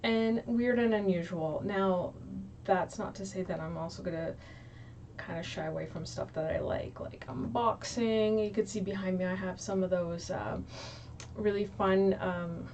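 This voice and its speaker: A young woman with a medium-pitched, slightly mellow voice chats to camera for her YouTube viewers, unhurried and casual, with lots of ums and likes. She's recorded in a small room by a low, distant mic, with slight background noise.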